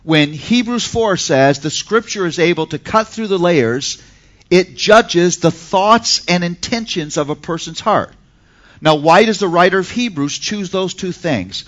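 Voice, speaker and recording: A man lectures a class with emphatic energy and pointed rhetorical questions. His voice sits a little high and moves animatedly through a wide range. The recording is slightly dull and lo-fi. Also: lively intonation, measured pace, fairly bright tone. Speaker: teacher on Christian parenting.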